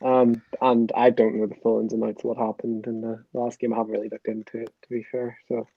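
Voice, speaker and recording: A man's voice: mid-range voice, completely flat delivery, fast, creaky, dull audio. A man in a casual football chat, hesitant and candid.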